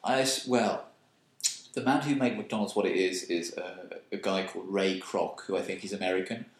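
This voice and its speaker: A podcast co-host with a low, steady voice chats casually at a normal speed, teasing and launching into jokey, mock-outraged rants. The recording sounds roomy and echoey.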